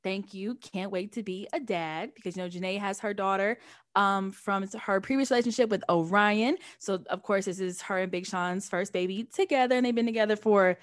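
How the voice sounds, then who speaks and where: A woman co-hosting a podcast, chatting in a relaxed, easygoing way. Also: mid-range voice, fairly quick. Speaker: podcast co-host. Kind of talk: casual podcast chat.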